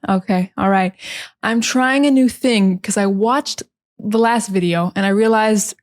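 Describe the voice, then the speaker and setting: Calm American woman teaching English. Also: mid-range voice, a little slow. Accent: standard American. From United States. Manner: calm, close to the mic, chatty with fillers. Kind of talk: relaxed podcast-style talk to learners. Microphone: close microphone.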